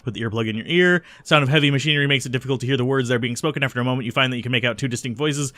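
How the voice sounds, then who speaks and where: Bright-voiced man musing over gameplay. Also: mid-range voice, very fast, hardly any pauses, no echo. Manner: musing, reads game text aloud, frequent ums. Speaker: let's play host. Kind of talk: casual gameplay commentary.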